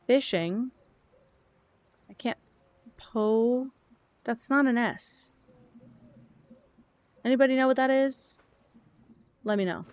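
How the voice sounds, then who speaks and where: A woman's voice: on the high side, slow, long pauses, a little mellow, dry recording. A woman streamer chatting casually while playing a game, rambling from thought to thought and answering her chat.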